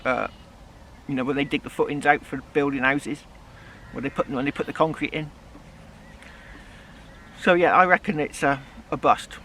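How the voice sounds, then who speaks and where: Brief: West Country man vlogging outdoors, rambling and chatty, slightly high, bright tone, faint background noise. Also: steady tone, moderate pace, pauses often. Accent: West Country English. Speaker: metal detecting vlogger. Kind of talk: casual outdoor vlog. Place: outdoors in a field, then a pub.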